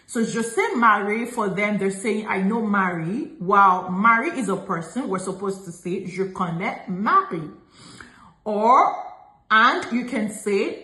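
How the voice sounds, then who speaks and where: A woman teaching a beginner French lesson, slowing down to model each phrase. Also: medium pitch, pushed and bright. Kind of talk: language lesson. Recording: echoey room.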